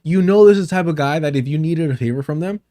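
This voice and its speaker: A male streamer with a slightly higher voice rips into a clip, swearing freely and mocking his target. He keeps a heated, sarcastic commentary going. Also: fast talker, dark tone. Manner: profane, mocking, mimics people in exaggerated voices. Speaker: livestream commentator. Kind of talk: reaction commentary on clips.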